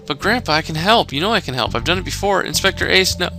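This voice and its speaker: Man putting on a young woman's voice, raised pitch, gravelly, game music behind. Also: lively intonation, quick pace. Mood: pleading. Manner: pleading and defiant. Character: headstrong young woman, defiant granddaughter.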